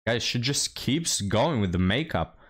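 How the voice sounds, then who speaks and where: A man's voice: medium pitch, animated, measured pace, fairly bright tone. A man hosting a reaction commentary, blunt and mocking as he talks to his viewers. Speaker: commentary host.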